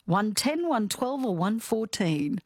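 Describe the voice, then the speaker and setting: A woman's voice: a little high, very animated, slow, a little mellow. A middle-aged Australian woman hosting a casual radio chat and quiz, chatty, with frequent fillers and easy laughter. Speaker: radio host.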